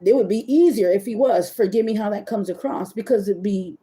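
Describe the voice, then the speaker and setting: A woman's voice: mid-range voice, fairly quick, warm tone. A woman hosting a livestream, talking candidly and rambling to her viewers, at times close to tears. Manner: emotional, near tears at times. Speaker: webcam model hosting a livestream. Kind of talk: casual confessional livestream talk. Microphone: phone or webcam on a live stream.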